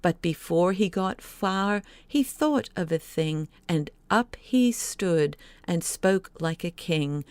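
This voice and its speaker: A woman narrating an audiobook, reciting a children's story poem in a slow, lilting way. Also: lowish voice, expressive, darkish tone, smooth, dry recording.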